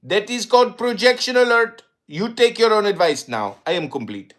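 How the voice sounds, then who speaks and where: A man's voice: high voice, animated, normal speed, fairly bright tone, a little hiss or hum. A man from India, a participant in a live audio room, arguing indignantly and repeating himself insistently.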